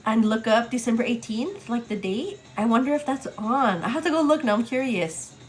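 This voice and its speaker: A young woman hosting a morning livestream, telling a personal story in casual chat, full of "like" and "girl", acting out quotes in a higher voice. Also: moderate pace. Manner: chatty, many fillers, acts out quotes with high excited pitch. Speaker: livestream host.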